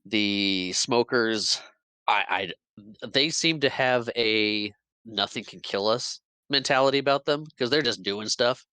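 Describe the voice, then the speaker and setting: A man's voice: medium pitch, unhurried, bright, forceful tone, smooth, no echo, rough recording. A man hosting a podcast, retelling a film's plot in casual chat and acting out its characters' lines with laughs. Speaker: podcast host. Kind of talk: casual movie recap chat.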